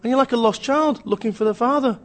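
Blunt, fast-ranting man. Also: extremely high pitch. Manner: blunt, ranting, mimics voices. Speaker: author and business speaker. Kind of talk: energetic interview talk.

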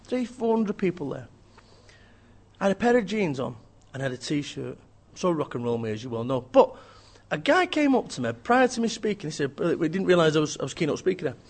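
A man's voice: fairly high pitch, big pitch swings, fairly quick, slightly rough. A man, an author and business speaker, giving a blunt, emphatic, joking rant in an interview.

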